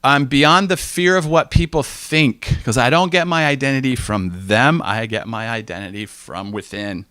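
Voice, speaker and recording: A man giving a relaxed teaching talk in a mid-range voice, telling stories from his own life. He slips into quick acted-out voices when he quotes other people. The sound is dry and close, with no room echo. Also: mid-range voice, clean tone. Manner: conversational, storytelling, acts out quoted voices.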